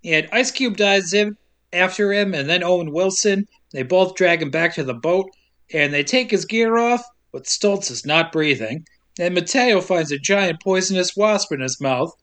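A woman's voice: on the low side, expressive, normal speed, a bit bright. A woman hosting a podcast, retelling a movie plot with sarcastic asides and frequent laughter. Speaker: podcast host. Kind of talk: casual movie recap narration.

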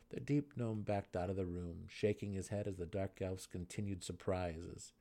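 A man reading a fantasy novel aloud in a dramatic, measured narration. His voice sits fairly low for a man. The read is steady between character voices. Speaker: audiobook narrator.

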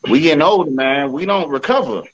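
A man's voice: fairly high pitch, lively intonation, brisk. Laid-back male podcast co-host, lo-fi. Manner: laid-back, keeps asking "you know what I'm saying". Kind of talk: casual chat.

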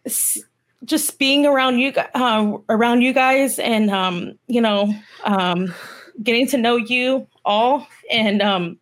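A woman guest on a livestream podcast, talking in an emotional, halting way with many pauses and fillers. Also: a little high.

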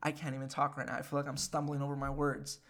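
A young man in his twenties from the United States, ranting casually and excitedly, swearing often and using lots of fillers. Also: medium pitch, fast. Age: 20s. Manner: animated and profane, with frequent fillers. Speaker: podcast host.

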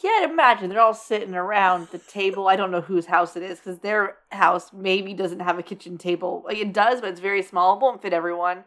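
A woman's voice: mid-range voice, fairly quick, few pauses, fairly bright tone. A woman co-hosting a casual TV recap, making dry, sarcastic asides. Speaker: podcast co-host.

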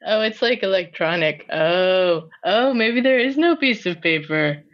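A podcast co-host with a middling voice, chatting loosely among friends. They laugh easily and keep the back-and-forth going with quick questions. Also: mid-range voice, animated, highs cut off. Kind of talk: casual comedic chat.

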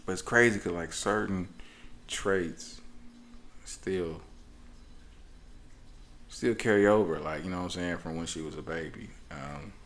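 A man's voice: sits low, fairly even intonation, measured pace, pauses often, fairly bright tone. A man in his forties telling rambling stories on a podcast, acting out the people in them. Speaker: podcast co-host. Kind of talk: casual storytelling chat.

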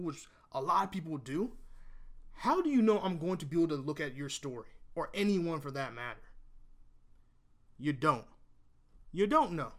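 A man venting his opinion to camera in a blunt, emphatic rant, swearing freely and repeating himself as he argues. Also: sits high. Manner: repeats and restarts phrases while arguing. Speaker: vlogger.

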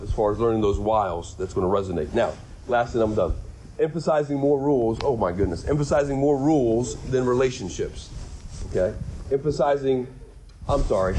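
A man's voice: medium pitch, darkish tone, slight background noise. A middle-aged man preaching a sermon as a pastor, conversational and earnest, often repeating words and rising for emphasis.

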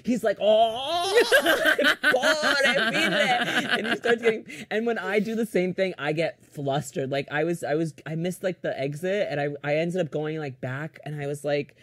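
A man co-hosting a podcast in casual chat. He is excitable and laughs often, doing his parents' voices as he talks. The sound is dry and close, with no room around it. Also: on the high side, brisk, few pauses, dry recording. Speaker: podcast co-host.

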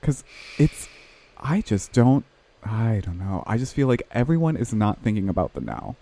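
A man's voice: fairly low pitch, sing-song, normal speed, gravelly, dark tone. A man chatting casually, rambling with many fillers and laughing at himself. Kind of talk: casual chat over a video call.

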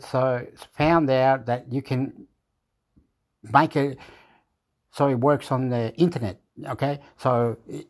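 A man vlogging into a phone at home, meandering and halting as he searches for words, chuckling often. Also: mid-range voice. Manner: meandering, keeps repeating "anyway", chuckles often. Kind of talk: rambling casual chat to camera.

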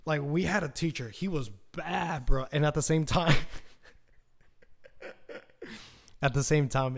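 Profane, rambling young man hosting a podcast. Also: on the high side. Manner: profane, rambling, acts out quotes in raised voices. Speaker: podcast host. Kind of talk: casual solo podcast storytelling.

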